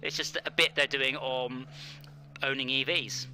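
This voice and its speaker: This man streams a racing game, joking and making casual chat that rambles with fillers. He talks a little slowly at medium pitch, with fairly even intonation and a pushed, bright tone, over slight background noise.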